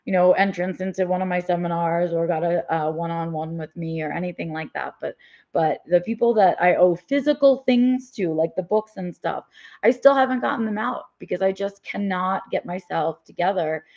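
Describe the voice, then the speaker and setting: A vlogger live-streams a candid personal vlog while fighting a migraine, rambling with fillers and restarts. Her voice is on the low side and a little mellow, at a moderate pace, and the audio is dull and lo-fi.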